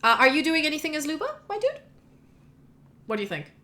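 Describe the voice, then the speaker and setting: A woman's voice: sits high, sing-song, a little fast, a crowd in the background. A woman game master narrating a tabletop role-playing game in a casual, chatty way with many fillers.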